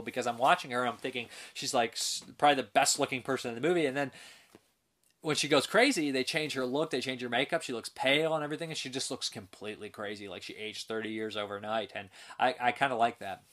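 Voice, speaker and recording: A man's voice: medium pitch, a bit bright. A man hosting a casual film review show, talking in a rambling, enthusiastic way with restarts and laughs.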